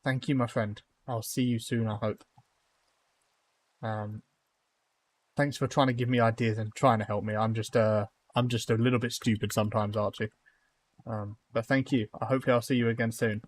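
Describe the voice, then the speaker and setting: A man's voice: on the low side, flat delivery, moderate pace, a little hiss or hum. A young man live-streaming a building game, chatting casually with viewers and rambling through lots of fillers and restarts.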